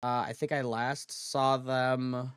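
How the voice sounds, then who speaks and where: A man livestreaming in relaxed casual chat, rambling and correcting himself as he goes. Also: mid-range voice, takes it slowly, smooth, dry recording, clean studio sound.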